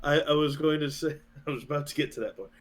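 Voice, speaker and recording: A man co-hosting a podcast in casual chat, naturally loud, laughing often and acting out voices as he retells a skit. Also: on the high side, fast. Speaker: podcast co-host.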